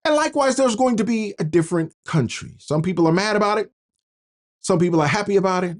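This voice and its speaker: A man's voice: sits high, lively intonation, fast. Folksy sarcastic male commentator. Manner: folksy, sarcastic, laughing, addressing "y'all". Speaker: commentary channel host. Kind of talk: political commentary vlog.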